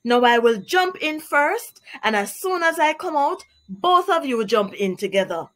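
A woman's voice: very animated, measured pace, fairly bright tone, full character voice. Woman putting on Anansi, a bossy, sly spider trickster. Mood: sly coaxing. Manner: bossy, threatening, raised higher voice.

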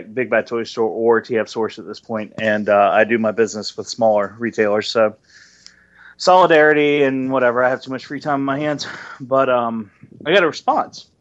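A man chats on a podcast in a mid-pitched voice, rambling and profane, often restarting his sentences. The recording sounds dull and lo-fi. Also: a little fast. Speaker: podcast co-host. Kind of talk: casual podcast chat. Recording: dull lo-fi audio.

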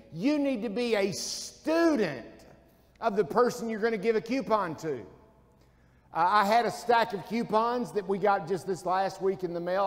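A man's voice: sits high, big-room sound. A man preaching a folksy sermon in a church, asking his listeners questions and answering them himself. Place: church sanctuary.

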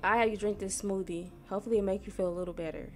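Faint music plays under a medium-pitched female voice with fairly even intonation. The speaker is a young Missouri woman and gaming YouTuber, casually narrating a life-sim game in slang, chatting with its characters and herself, easily annoyed.

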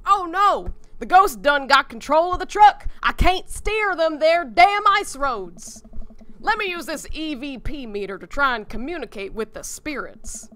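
A woman voicing panicked male ghost-hunting truckers in a put-on Southern US accent, loud and frantic. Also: high voice, lively intonation, a little slow, pitched above the performer's own voice, exaggerated voice.

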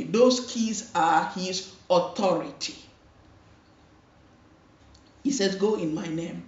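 Slow, earnest woman preaching from afar. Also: lowish voice, darkish tone. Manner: emphatic preaching with repeated phrases and calls for amen. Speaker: pastor. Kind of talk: sermon. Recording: roomy, distant, dull lo-fi hall recording.

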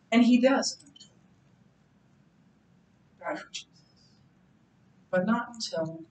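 A woman's voice: medium pitch, a little hiss or hum. A woman teaching a Bible class in a church classroom, reading scripture and explaining it in an earnest, conversational way. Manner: earnest and conversational, thinking aloud with restarts. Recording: roomy sound from far off.

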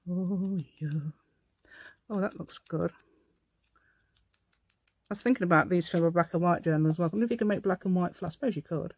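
With a lowish, husky voice, this woman talks briskly but pauses often while working through a casual craft tutorial at her table at home. She hosts a crafting channel, musing aloud and quizzing the viewer, and the sound is echo-free.

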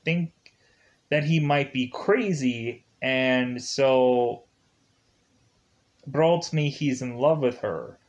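A man's voice: medium pitch, takes it slowly, pauses often, muffled recording. A man giving a casual film review, rambling along with lots of fillers and chuckling as he retells scenes.

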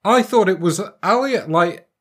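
A man with a Yorkshire accent and a husky voice co-hosting a podcast, butting in with jokes and silly voices and swearing freely. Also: high voice, unhurried, a bit bright. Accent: Yorkshire English. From Yorkshire, England. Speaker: podcast co-host. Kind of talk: casual podcast banter.

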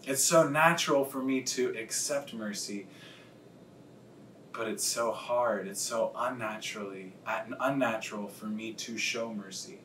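A man, a pastor, preaching a sermon in an earnest, confessional way and slowing down to stress key words. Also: fairly bright tone. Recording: echoey room, distant mic, faint rumble.

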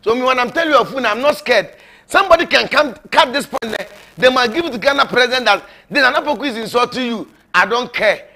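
A man's voice: very high-pitched, animated, quick pace, sharp tone. A man preaching informally to viewers as a prophet, mocking and emphatic, often breaking into laughter and repeating himself. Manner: repetitive, rambling.

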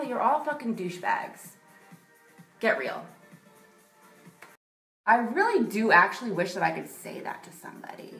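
A young woman ranting into her camera, blunt and full of swearing, swinging from loud outbursts to low, quiet mutters. Her voice sits in an ordinary middle pitch for a woman, with faint music in the background. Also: expressive, moderate pace. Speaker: vlogger. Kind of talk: ranting vlog monologue.

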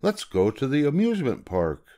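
An older man voicing a friendly grown man with a yellow hat who talks in a brisk, upbeat way. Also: mid-range voice, wildly swooping pitch, voice pushed up.

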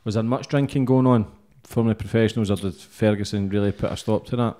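A man's voice: on the low side, steady tone, a little fast, dark tone. A man hosting a podcast, asking questions casually and swearing freely. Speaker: podcast host.

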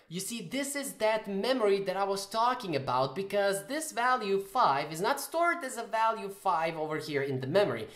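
A man's voice: sits high, lively intonation, normal speed, few pauses, a bit bright. A man giving a casual coding tutorial, thinking aloud and correcting himself as he types. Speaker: programming tutor. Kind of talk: screen-recorded coding tutorial. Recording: roomy echoey room.

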